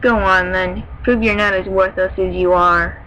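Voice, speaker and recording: A menacing tomcat warrior sneers his words with slow, cutting contempt, put on by a woman reading aloud. His voice sits in an ordinary middle register, with a faint hiss of background noise behind it. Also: mid-range voice, steady tone, pushed and bright, lightly acted, rough recording. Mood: taunting. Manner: taunting, slow and cold. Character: menacing male cat warrior, cruel and taunting.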